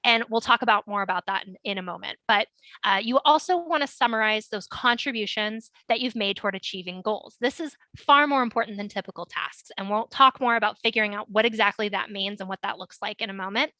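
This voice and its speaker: A woman's voice: medium pitch, brisk, sharp tone, no room sound, low-quality recording. A woman career coach giving an instructional webinar talk, earnest and emphatic with frequent ums.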